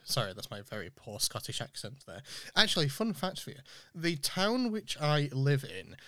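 A man from England chats enthusiastically about films on his podcast. His voice is smooth and resonant. The recording is dry and close, with no room sound. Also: mid-range voice, big pitch swings, moderate pace, fairly bright tone, no room sound. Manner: chatty, enthusiastic, self-correcting asides. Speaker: podcast host. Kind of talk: casual podcast commentary.

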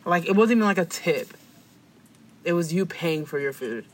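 A woman in casual gossip chat, animated and profane, often acting out quoted voices. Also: fairly low pitch, moderate pace, slight background noise.

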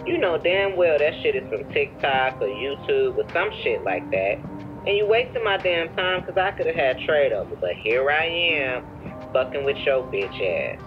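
A man's voice: a little high, sing-song, highs cut off, music in the background. An actor playing a blunt, foul-mouthed young man who curses nonstop on a video call. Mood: annoyed. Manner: brash and profane, rapid cursing.

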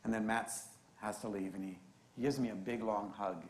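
A man preaching a sermon, telling a story in an animated, conversational way. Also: fairly low pitch, fairly quick, slight background noise. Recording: roomy echo.

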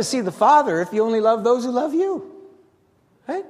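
Animated older man preaching in a hall. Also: very high-pitched, normal speed. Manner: animated preaching with asides to the congregation. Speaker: pastor. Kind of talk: sermon. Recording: long hall reverb.

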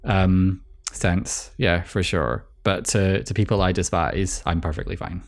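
Low-voiced Scottish man, joking podcast chat. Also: a little slow. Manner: loose and joking, swears freely, laughs often. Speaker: podcast co-host. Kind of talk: casual chat recapping a cartoon episode.

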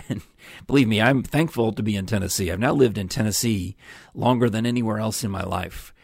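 A man's voice: fairly low pitch, brisk, vocal fry, darkish tone, dry recording, clean studio sound. An older man from New York hosting a live show, telling rambling stories to viewers with lots of ums and asides. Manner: chatty storyteller, many ums and asides. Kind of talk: rambling casual chat to viewers.

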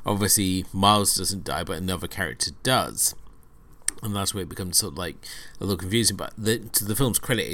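A man's voice: sits low, sharp tone. A man co-hosting a film podcast, talking through plot points with many ums and uhs. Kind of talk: casual film discussion.

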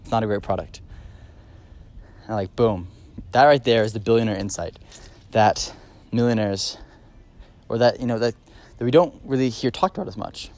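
A man's voice: on the low side, moderate pace, a little mellow. Male podcast host, solo monologue; casual, filler-heavy, eager emphasis on key points. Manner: casual, rambling, many fillers and restarts.

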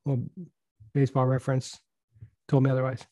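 A man hosting a casual baseball podcast, chatting in a relaxed way with lots of fillers. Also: medium pitch, normal speed, dry recording. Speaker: podcast host.

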